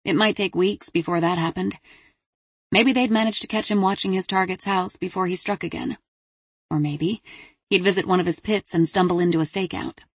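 Low-voiced woman reading a thriller. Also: no room sound. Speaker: audiobook narrator. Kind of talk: scripted narration of a crime thriller.

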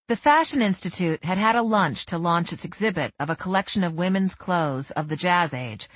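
Female audiobook narrator, measured read, low husky voice, dry close mic. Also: no room sound. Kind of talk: scripted narration.

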